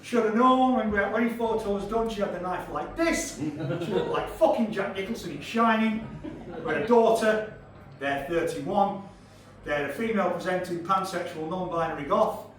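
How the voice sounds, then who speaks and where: A sweary stand-up comedian from Yorkshire, male with a high voice, performs a set at moderate pace on a comedy club stage. His storytelling is brash and crowd-teasing, recorded far from the mic in an echoey club with audience laughter.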